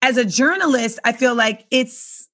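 A woman interviewer asks her questions in a loose, halting way, leaning on filler words. Her voice sits a bit high and sounds bright. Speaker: interviewer and journalist. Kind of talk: casual conversational interview.

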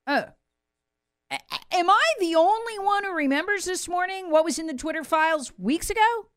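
A woman hosting opinionated political commentary, sarcastic and mocking, with sudden swings between loud jabs and low muttered asides. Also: animated, moderate pace, no echo, studio quality. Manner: sarcastic, mocking impressions of officials.

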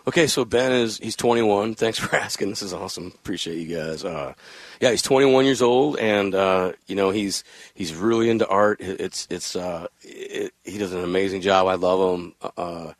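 A man's voice: deep voice, normal speed, no room sound. A middle-aged man, a football team's general manager, chatting in a radio interview in a rambling way, with many restarts. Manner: rambling, with many restarts, and laughs while telling family stories. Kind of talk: casual radio interview chat.

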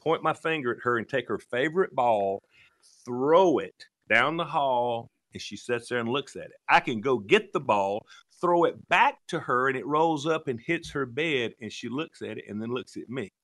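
A man telling a long comic story on a talk show, lively and laughing, acting out the voices of the people in it. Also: mid-range voice, moderate pace. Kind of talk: animated storytelling.

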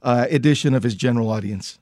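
A man hosting a radio podcast, cheerful in casual chat and pausing with fillers. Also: mid-range voice, a little mellow, no room sound, studio quality. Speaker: radio host.

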